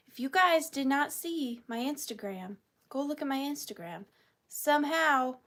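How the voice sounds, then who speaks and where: A young woman with a high, bright-sounding voice hosts a live vintage sale. She chats in a bubbly, playful way and greets her viewers one by one. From Georgia, US. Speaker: online vintage seller hosting a live sale.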